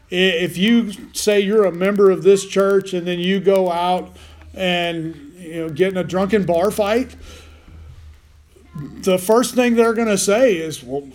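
Male pastor, higher voice, folksy sermon with jokey asides and restarts. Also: a little mellow. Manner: folksy, self-deprecating asides with frequent restarts.

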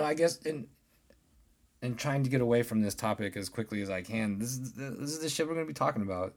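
A man in his thirties hosting a podcast, ranting casually and rambling with lots of swearing and restarts. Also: mid-range voice. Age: 30s. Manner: profane, rambling, restarts often. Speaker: podcast host. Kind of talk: casual solo podcast rant.

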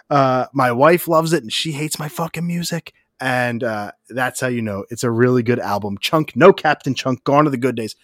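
A man co-hosting a podcast at a plain middle pitch, rambling with profane excitement. His voice is close and dry, with no room sound around it. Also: dry recording. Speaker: podcast co-host. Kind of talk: casual podcast chat.

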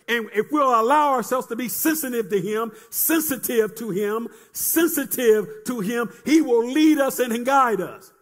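A man's voice: very high voice, measured pace, hardly any pauses. A man preaching a sermon in a chanting, sing-song cadence, repeating phrases and calling on the congregation to answer.

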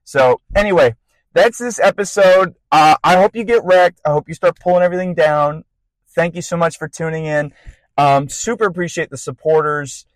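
A young man hosting a podcast, telling a personal faith testimony in a casual, rambling way with bursts of excitement. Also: on the high side, moderate pace, dry recording, low-quality recording. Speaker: podcast host.

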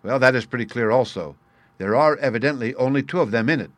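A man reading the lines of a sharp, confident male detective in a crisp, explanatory manner. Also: medium pitch, fast talker, no room sound, close to an everyday voice. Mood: explaining. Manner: crisp, explanatory, bursts of excitement.

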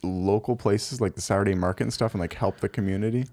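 A man hosting a casual podcast chat, relaxed, swearing casually and asking easy questions. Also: lowish voice, quick pace, dry recording.

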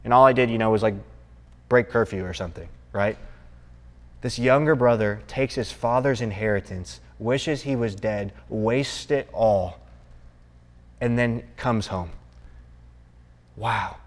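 A man's voice: on the low side, measured pace, long pauses. Conversational young man preaching in a hall. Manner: conversational, asks the room for agreement. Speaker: college ministry teacher. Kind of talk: sermon to college students. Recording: long reverb in a hall.

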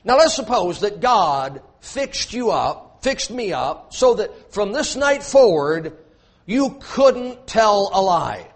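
A man's voice: sits high, big pitch swings, takes it slowly. A man preaching a sermon, emphatic and repetitive, with joking asides to his congregation.

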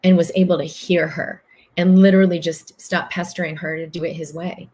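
Lowish voiced woman doing a spiritual livestream, earnest, keeps repeating herself for emphasis, acts out voices when she quotes people. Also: flat delivery, fairly quick, darkish tone. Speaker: livestream host answering viewer comments. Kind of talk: spiritual coaching talk.

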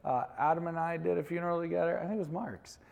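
A man speaks from the stage of a large church, the long reverb of the sanctuary trailing his words. He is a pastor telling frank personal stories in a relaxed, conversational way. His voice sits a bit high and has a gravelly edge. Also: fast. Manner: candid storytelling with laughs, asks co-host questions. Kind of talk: conversational sermon talk.

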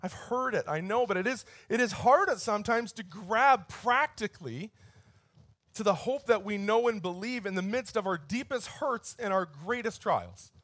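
Pastor guy preaching, kinda high voice, chatty storytelling, dry close sound. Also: lively intonation, normal speed, fairly bright tone, no echo. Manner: conversational storytelling, rising intensity on key points. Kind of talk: sermon.

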